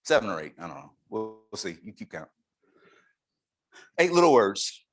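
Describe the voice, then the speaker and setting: A man giving a lively leadership talk at a conference, emphatic and playful with the audience. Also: lowish voice, normal speed, pauses often. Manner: animated, emphatic, playful with the crowd. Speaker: conference speaker. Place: conference room.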